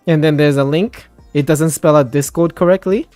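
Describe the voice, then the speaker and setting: A man's voice: fairly high pitch, normal speed, darkish tone, no room sound, faint music behind. A man hosting a casual voice chat, ranting with plenty of swearing and laughter.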